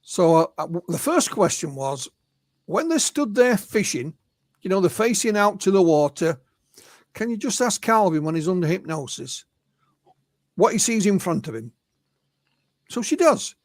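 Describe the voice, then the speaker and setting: An Englishman appears as a guest UFO researcher in an interview, recounting witness stories anecdotally and frequently tossing in "you know." His voice sits high with a sing-song lilt, moving at normal speed with frequent pauses. The recording is clean studio sound with no room sound.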